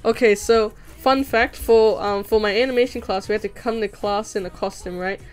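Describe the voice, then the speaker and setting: While drawing on her home livestream, a young Australian woman giggles and talks with chat, faint music audible behind her. Her smooth, slightly mellow medium-pitched voice comes through a desk mic at normal speed with fairly even intonation.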